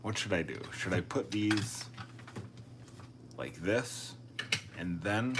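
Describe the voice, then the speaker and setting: A man's voice: on the low side, expressive, slow pace, noisy background. A man chatting casually on a live stream, thinking aloud and joking at his own expense. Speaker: coin collecting live streamer.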